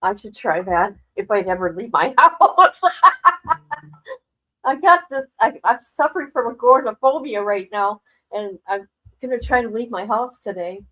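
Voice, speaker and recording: A woman's voice: on the high side, animated, moderate pace, sharp tone, rough recording. A middle-aged woman chatting casually on a live stream as a commentator, rambling and emotional, often breaking into exclamations.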